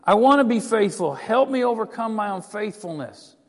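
A man's voice: high voice, lively intonation, normal speed, in a large hall, voice pushed up. A man voicing a desperate father who pleads for help for his sick son. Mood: pleading. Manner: pleading, strained.

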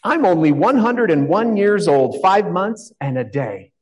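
A man's voice: sits high, big pitch swings, measured pace, voice pushed up. A man voicing a very old, imperious queen who speaks in a lofty, pitying way.

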